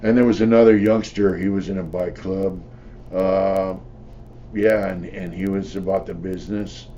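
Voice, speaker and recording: A man's voice: deep voice, fairly even intonation, moderate pace, mellow, highs cut off, slight background noise. An older man, a former prisoner, telling his stories in a blunt, profane, rambling way with lots of "you know.". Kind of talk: casual storytelling.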